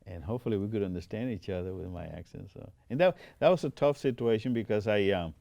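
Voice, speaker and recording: On the low side and fast, this older man's mellow voice carries vocal fry in a dry recording. A native Spanish speaker with a Spanish accent, the Air Force veteran recounts interview stories in a studio with quoted dialogue and frequent restarts.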